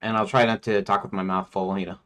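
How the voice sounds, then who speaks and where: Man, fairly low voice, casual dev stream, thinking aloud, rambling, talks to himself. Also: flat delivery, fast talker, fairly bright tone. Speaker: indie game developer livestreaming.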